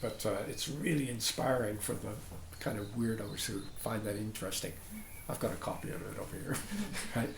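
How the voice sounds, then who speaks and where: A man's voice: on the low side, fairly even intonation, normal speed, vocal fry. A man giving an informal dharma talk to a group, chatty and digressive, often checking in with "right?". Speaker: dharma teacher. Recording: roomy sound with faint background noise.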